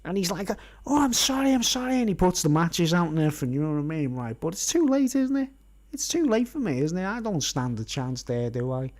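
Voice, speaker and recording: A man's voice: fairly high pitch, big pitch swings, a little fast, a little mellow. A man tells a long personal story on a live stream. He rambles casually and keeps checking in with his listeners. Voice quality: conversational, constantly checks in with "right?".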